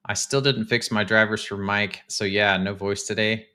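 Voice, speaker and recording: A man, casually chatting to his live-stream viewers while touring game houses, excitable and talkative. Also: fairly low pitch, moderate pace, few pauses, clean tone. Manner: chatty, excitable, talks to chat.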